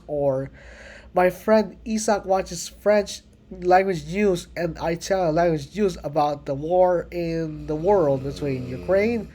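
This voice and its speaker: Mellow-voiced rambling vlog ranter. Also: mid-range voice. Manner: rambling, disjointed phrasing that loops back on itself; sprinkles greetings in other languages. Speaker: vlogger. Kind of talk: rambling rant to camera.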